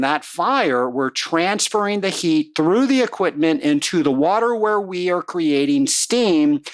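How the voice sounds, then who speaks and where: Slow, folksy podcast host. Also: medium pitch. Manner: folksy, self-deprecating, emphatic teaching tone. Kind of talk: solo podcast monologue.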